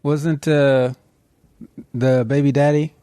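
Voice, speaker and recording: Relaxed enthusiastic man co-host. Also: mid-range voice, takes it slowly, clean tone. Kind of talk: casual chat.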